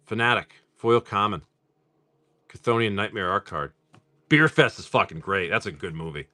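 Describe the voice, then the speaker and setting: A man's voice: fairly low pitch, moderate pace, sharp tone, dry recording, studio quality. A man hosting a live card-opening stream, chatting casually and profanely while he calls out pulls and jokes about comedy films. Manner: loose and profane, laughing, quoting comedy films.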